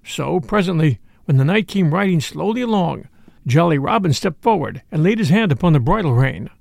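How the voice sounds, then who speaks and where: A male storyteller reading a classic tale with a measured, expressive delivery. His voice is high and lively, with a gravelly grain. The sound is dry and close. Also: no echo.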